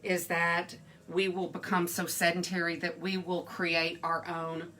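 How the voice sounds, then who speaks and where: A woman's voice: lowish voice, monotone, unhurried, sharp tone. A middle-aged woman hosting a live home cooking stream from her kitchen, talking earnestly and chatting with viewers by name. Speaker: cooking show host.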